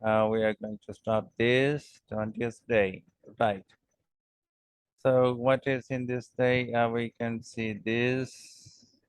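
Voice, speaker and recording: A man teaching an English lesson, reading example sentences aloud with pauses, frequent "uh"s and checks like "okay?". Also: medium pitch, flat delivery, smooth, no room sound, low-quality recording.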